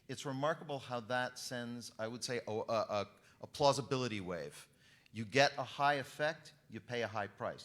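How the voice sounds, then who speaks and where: A man on a writers' conference panel, thoughtful, with halting restarts. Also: fairly low pitch, fairly bright tone. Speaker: panelist author.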